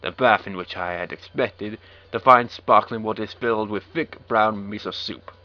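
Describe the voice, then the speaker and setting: A man's voice: lowish voice, normal speed. A man reading a visual novel aloud and breaking off for wry, sarcastic asides. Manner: wry, sarcastic asides between read lines. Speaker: let's play commentator. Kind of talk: reading game text aloud with joking commentary. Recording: dull lo-fi recording with faint game music.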